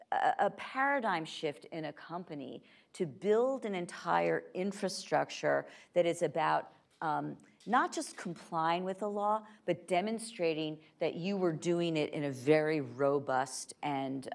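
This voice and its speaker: A woman speaking as a guest onstage at a conference, lively and laughing, acting out quoted voices between frequent fillers. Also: lowish voice, gravelly. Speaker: guest speaker, tech company privacy chief. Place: stage at a tech conference.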